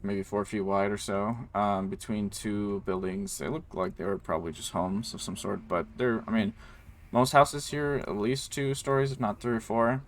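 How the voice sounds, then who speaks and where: A man's voice: on the low side, steady tone, normal speed, a little hiss or hum. A man running a tabletop game as game master, narrating in a loose, rambling way full of ums and likes.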